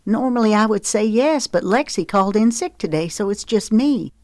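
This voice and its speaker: A woman's voice: mid-range voice, animated, moderate pace, darkish tone, dry recording, pitched above the performer's own voice, close to an everyday voice. A woman reading the part of a frank, coaxing middle-aged mother in an audiobook, in a dry recording.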